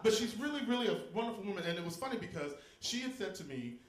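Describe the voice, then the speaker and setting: A man from Texas doing stand-up comedy in a live venue, campy and loud, jumping into shrieking high squeals for punchlines. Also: animated, fast, roomy sound.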